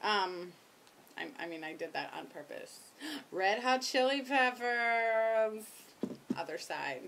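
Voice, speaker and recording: A young woman chatting casually to her camera at home, rambling and self-mocking, talking loudly with headphones on. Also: mid-range voice, expressive, takes it slowly, a little hiss or hum. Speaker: vlogger. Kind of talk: casual chat. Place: home, indoors.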